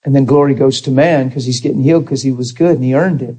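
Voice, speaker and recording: A man preaching a sermon in a conversational, animated way, acting out the people he quotes. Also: medium pitch, fast, slightly rough, low-quality recording.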